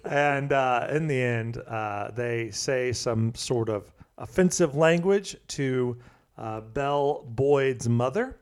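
A man co-hosting a casual podcast, telling a history story slowly with many ums and pauses. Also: medium pitch, clear, resonant tone. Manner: slow, halting delivery with many fillers. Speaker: podcast co-host.

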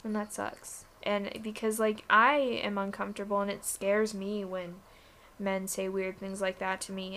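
A woman's voice: medium pitch, a bit bright, slight background noise. A young woman co-hosting a podcast, talking candidly and casually about work, swearing now and then. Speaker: podcast co-host. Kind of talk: casual chat.

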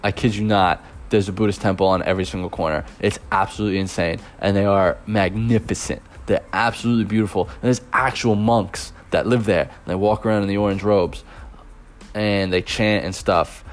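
Young male teacher abroad, low deep voice, relaxed rambling vlog storyteller with fillers. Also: brisk. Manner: rambling, loose, with many fillers and chuckles.

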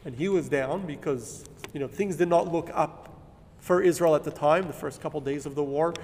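A man's voice: fairly high pitch, moderate pace, a little mellow, in a large hall, slight background noise. A middle-aged man giving an earnest sermon-style talk, building to emphatic peaks, with fillers and restarts.

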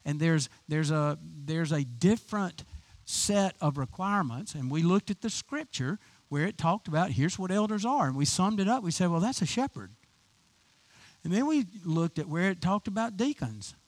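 A man's voice: high-pitched, big pitch swings, moderate pace, no echo. A man preaching an informal, chatty sermon to his congregation as their pastor, enthusiastic and full of restarts. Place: church sanctuary.

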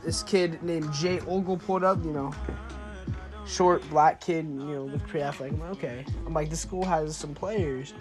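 A man's voice: on the high side, fairly even intonation, moderate pace, music in the background. A teenage boy hosting his own podcast, telling a story in a rambling, casual way, full of "like" and swearing. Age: teens. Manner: rambling, loose and profane, heavy on "like". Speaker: podcast host.

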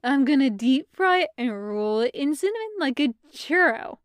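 A woman voicing a dry, deadpan young woman who talks to a puppy in mock-menacing cutesy baby talk. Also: sits high, moderate pace, no echo. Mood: cooing.

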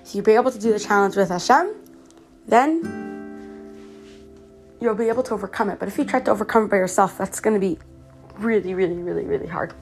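A woman's voice: medium pitch, a little mellow. A teenage girl from Canada, slightly sick, hosting her own podcast in a chatty, earnest way with many fillers and restarts. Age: teens. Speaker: podcast host. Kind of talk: casual personal podcast monologue.

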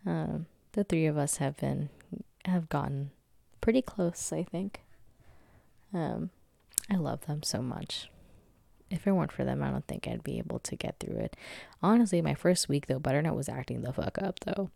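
A young woman in her twenties chats through her own podcast from home. Her voice sits low and gravelly, with a dry, close sound. She talks candidly, swears freely and laughs often. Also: expressive, normal speed, warm tone, no room sound. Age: 20s. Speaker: podcast host. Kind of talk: casual solo podcast chat.

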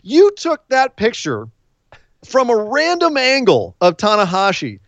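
Man from California, podcast co-host; joking, animated banter, heard dry and dull over a remote call. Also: high voice, no echo. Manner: joking, quick banter, laughs often. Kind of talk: casual podcast chat.

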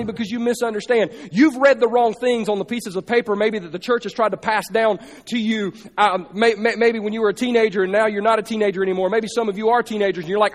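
A man's voice: high-pitched, a little fast, few pauses. A man preaching a sermon to a congregation and telling a story, acting out its dialogue in voices. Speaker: pastor. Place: large church hall. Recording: sermon clip in a reverberant hall.

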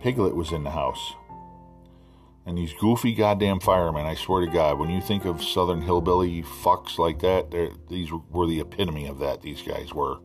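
A middle-aged man hosting a podcast, telling animated, profane stories in a casual way. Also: sits low, moderate pace, faint music behind. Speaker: podcast host. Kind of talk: casual storytelling.

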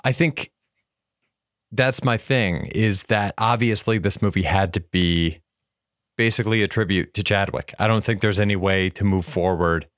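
A man in casual film discussion chat, talking in a thoughtful, measured way with some hedging. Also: fairly low pitch, no echo, studio quality. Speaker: podcast co-host.

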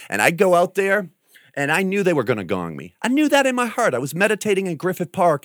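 A man from New England telling a story in a casual, animated and profane way, often breaking into loud impressions. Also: a little high, fast talker, no room sound, studio quality. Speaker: guest.

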